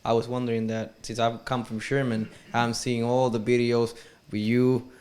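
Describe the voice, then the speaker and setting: A man's voice: mid-range voice, level tone, moderate pace, a little mellow. A man in the audience asking a panel an eager, rambling question at an event. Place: event hall.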